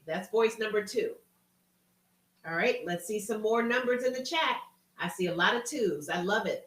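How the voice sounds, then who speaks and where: A woman's voice: medium pitch, fairly bright tone, recorded from a distance. A woman hosting a live stream, talking casually and reading names from the chat with folksy encouragement. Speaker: live-stream host and coach. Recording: roomy sound from off-mic.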